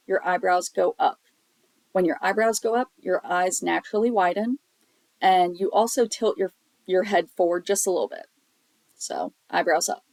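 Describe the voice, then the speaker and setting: A woman gives a recorded sign language lesson, walking through each point patiently with the odd um. Her voice sits somewhat low for a woman. The sound is dry and close, with no room echo. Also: a little mellow. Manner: patient, explanatory, with frequent um fillers.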